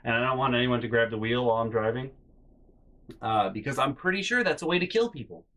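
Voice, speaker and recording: Young male storyteller, rambling and animated, bright voice with a swinging pitch. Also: fast. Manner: rambling, animated, with loud acted-out outbursts. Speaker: storytelling vlogger. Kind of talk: comedic personal storytelling.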